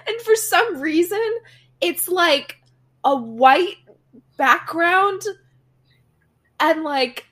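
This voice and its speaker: Woman podcast co-host, high-pitched voice, chatty and amused, quick wry jokes. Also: animated, fairly bright tone. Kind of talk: casual chat recapping a TV episode.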